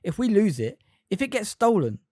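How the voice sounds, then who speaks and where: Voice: medium pitch, big pitch swings, normal speed, warm tone, dry recording, studio quality, pitched above the performer's own voice. A fan reader voicing a tense, defensive teenage boy wizard. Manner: defensive, breathless.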